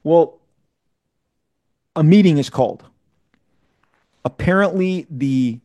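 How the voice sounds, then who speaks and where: A man being interviewed, telling a long story in a casual, animated way, often restarting and repeating words as he goes. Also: mid-range voice, dry recording, clean studio sound. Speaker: interview guest.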